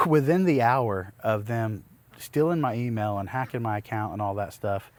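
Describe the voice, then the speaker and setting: A man's voice: on the low side, normal speed, darkish tone. A man, possibly in his thirties, casually telling a personal story to the camera as a homesteading vlogger, rambling and restarting as he relives an exasperating ordeal. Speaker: homesteading YouTuber.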